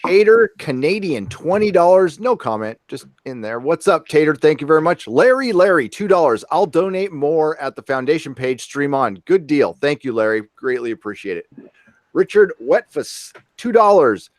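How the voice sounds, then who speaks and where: A man hosting a live stream, casually reading out donor names and their messages and tossing off quick comments. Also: on the high side, sing-song, no echo, studio quality. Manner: reads donor names and messages aloud, then comments offhand.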